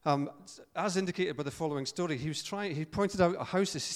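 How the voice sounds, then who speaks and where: Scottish preacher in a reverberant hall. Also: male voice, on the high side, fast. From Scotland. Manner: chatty, joking asides, frequent fillers and restarts. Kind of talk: informal sermon with storytelling.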